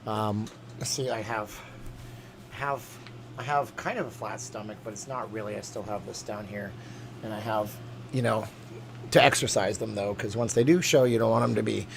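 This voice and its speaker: A man's voice: fairly low pitch, fairly even intonation, normal speed, gravelly, background noise. Rambling man hosting a chat stream. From USA. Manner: rambling, reads comments aloud, many fillers. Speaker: livestream host reading chat. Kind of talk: casual livestream chat.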